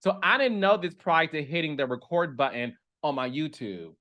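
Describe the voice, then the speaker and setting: A man hosting a reality TV commentary show, talking in an animated, chatty way with dramatic asides. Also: fairly high pitch, moderate pace. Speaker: reality TV commentator and podcast host. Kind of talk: casual chat.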